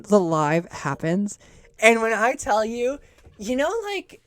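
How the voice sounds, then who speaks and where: A woman's voice: a little high, unhurried. A woman hosting a casual podcast, telling a story with lots of swearing and sarcasm. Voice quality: profane, sarcastic, animated storyteller. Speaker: podcast host. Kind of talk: casual chat.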